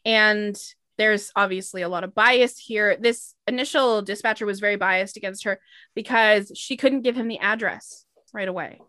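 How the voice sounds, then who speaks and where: A woman's voice: medium pitch, moderate pace, sharp tone, dry recording, clean studio sound. A woman co-hosting a casual true-crime podcast, telling the story bluntly and acting out phone calls with plenty of cursing. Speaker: podcast co-host.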